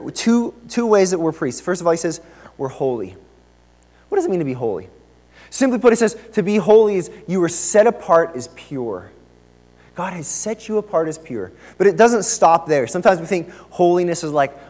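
A man preaching a sermon in a church, with conversational and lively emphasis. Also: on the high side, normal speed, long reverb tail. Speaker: pastor. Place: church sanctuary.

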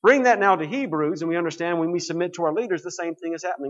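A man's voice: on the high side, racing, hardly any pauses, dull audio. A man preaching a sermon to his congregation, explaining scripture in a conversational way.

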